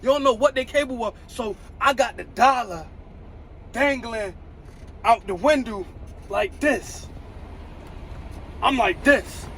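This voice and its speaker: A truck driver vlogger tells his viewers a story in loose street slang, circling back over the same phrases. His voice sits high for a man, and a faint vehicle hum carries under his words. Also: slow, pauses often, fairly bright tone, low-quality recording. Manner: slangy, repeats phrases, addresses viewers directly. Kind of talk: casual storytelling to camera.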